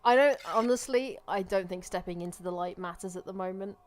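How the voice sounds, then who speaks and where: A woman commenting chattily on a game during a live stream, wry and quick to swear and laugh at the game. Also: medium pitch, slight background noise.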